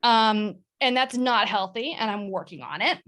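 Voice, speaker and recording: A woman talking candidly as a guest on a video call, self-mocking and quick to laugh. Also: a little high, fairly bright tone. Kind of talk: casual chat on a video call.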